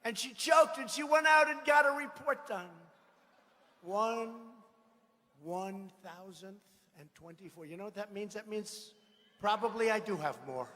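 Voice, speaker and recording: A man giving a rally speech, boastful and mocking, repeating himself and bursting into shouts. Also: sits high, expressive, unhurried. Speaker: political speaker at a rally. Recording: echoey hall with faint ambience.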